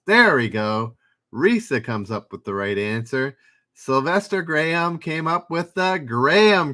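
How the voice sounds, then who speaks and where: A man hosts a live trivia stream, taking his time over each question. His pitch swings widely as he reads out viewers' answers and drops dry jokes between rounds. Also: fairly bright tone. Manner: reads questions and chat names, dry asides. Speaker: trivia livestream host. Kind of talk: livestream trivia hosting.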